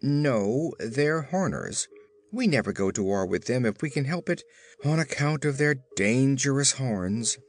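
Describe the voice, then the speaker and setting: A man's voice: mid-range voice, expressive, unhurried, pitched above the performer's own voice. Casting: a grave, worried one-legged woman from a storybook, voiced by a man.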